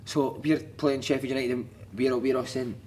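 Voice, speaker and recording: A man, a podcast guest telling animated, sweary anecdotes with frequent laughter. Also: mid-range voice, moderate pace, a little hiss or hum. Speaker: podcast guest, former footballer. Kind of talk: casual storytelling chat.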